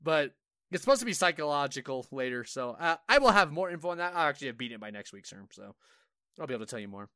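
Speaking very fast, this man co-hosts a casual gaming podcast in a fairly high voice that is bright, forceful, clear and resonant. The recording is dry and close with no echo, and he swears freely while acting out his exasperated reactions in quoted asides during animated stories.

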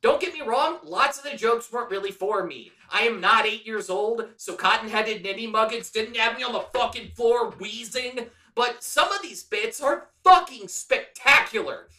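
A man's voice: very high-pitched, lively intonation, moderate pace, hardly any pauses, bright, forceful tone, roomy sound, distant mic. A man co-hosting a podcast, reviewing a film in casual, profane, enthusiastic chat. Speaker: podcast co-host.

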